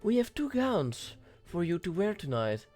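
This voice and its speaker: A man's voice: high-pitched, sing-song, a little slow, darkish tone, faint music behind, full character voice. A man doing a polite young handmaid. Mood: deferential. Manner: deferential and eager to help.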